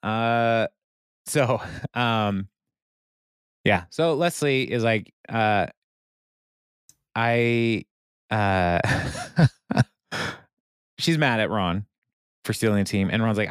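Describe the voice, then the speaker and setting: A man with a fairly low voice chats casually on a podcast, recapping an episode. He rambles loosely, with lots of fillers and quick laughs. The sound is close and dry. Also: smooth, no room sound. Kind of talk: casual chat.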